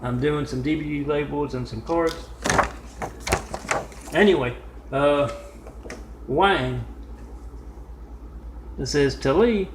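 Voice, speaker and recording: A man telling a home-made story in a meandering way, full of "uh" pauses and side remarks, recorded in a room at home. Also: a little high, gravelly. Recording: echoey room with faint noise.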